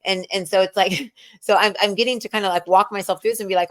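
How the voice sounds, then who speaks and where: A woman's voice: medium pitch, fairly even intonation, quick pace. A middle-aged woman rambling through casual spiritual chat, acting out quoted people with sudden jumps in her voice. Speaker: spiritual medium and co-host.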